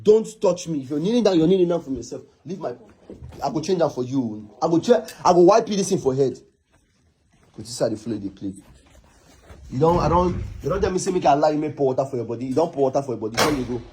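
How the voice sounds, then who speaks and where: A young man with a Nigerian accent, angrily scolding and shouting in a Nollywood drama scene. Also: fairly high pitch, lively intonation, fast, breathy edge. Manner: angry, scolding, repetitive. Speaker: actor.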